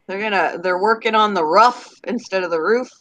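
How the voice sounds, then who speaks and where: A woman's voice: medium pitch, a bit bright, dry recording, poor audio. A woman hosting a casual group chat, laughing often and acting out what people say. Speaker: host.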